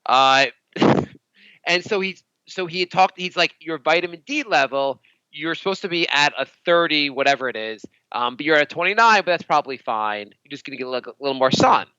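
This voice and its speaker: A man's voice: a little high, expressive, fairly quick, sharp tone, clean tone, no echo. A man co-hosting a podcast, telling rambling stories in casual chat and acting out both sides of each conversation. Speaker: podcast co-host. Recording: dull lo-fi dry podcast mic.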